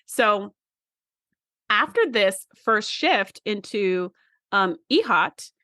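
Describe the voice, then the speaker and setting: A woman's voice: mid-range voice, expressive, drawn-out words, sharp tone. A woman co-host talks through an episode in loose, rambling chat, with a mid-range voice. She often restarts sentences. Her voice sounds close and dry, with no room echo. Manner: rambling, restarts often, mimics characters in quotes. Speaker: podcast co-host. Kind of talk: casual episode recap chat.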